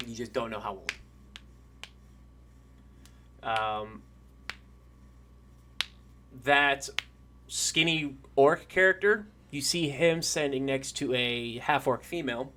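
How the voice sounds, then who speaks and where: A man's voice: mid-range voice, slow pace, pauses often, sharp tone, slight background noise. A man narrating a tabletop game as game master, casual and rambling, with fillers and the odd swear.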